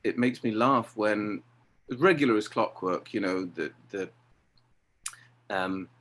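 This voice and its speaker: A middle-aged man talking about directing, lively and acting out exchanges he quotes. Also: fairly low pitch, slow pace. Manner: animated, acts out quoted exchanges. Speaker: theatre director. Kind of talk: conversational interview.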